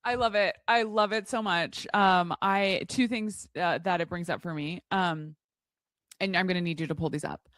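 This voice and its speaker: Lively woman telling a story. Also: on the low side, normal speed, no echo, studio quality. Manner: enthusiastic, animated storytelling with gasps and laughs. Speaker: co-host. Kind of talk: casual chat.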